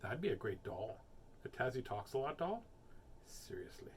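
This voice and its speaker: A man's voice: medium pitch, big pitch swings, normal speed, slight background noise. A man hosting a children's book reading show, chatting in a playful, silly, rambling way before reading picture books aloud.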